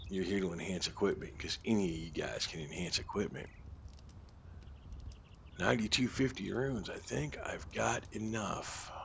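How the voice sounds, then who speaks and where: A man's voice: sits low, normal speed, creaky, fairly bright tone, slight background noise. A man hosting a casual game playthrough, thinking aloud with fillers and muttered asides. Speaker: gaming channel host. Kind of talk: casual let's-play commentary.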